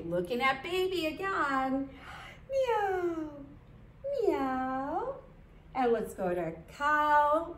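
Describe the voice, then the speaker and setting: Woman yoga teacher with a high voice, unhurried cueing, playful baby-talk asides; echoey studio, mic set back. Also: recorded from a distance, a little hiss or hum. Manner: sing-song baby talk and animal sounds between cues. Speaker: yoga instructor. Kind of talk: guided baby yoga class.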